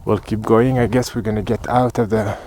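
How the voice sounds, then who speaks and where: A man's voice: on the low side, fairly even intonation, a little fast, a little mellow, slight background noise, rough recording. French man narrating a hike on foot. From France. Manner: chatty, muttering asides while walking. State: slightly out of breath. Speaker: hiking vlogger. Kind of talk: casual walking commentary. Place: outdoor hiking trail in cold weather.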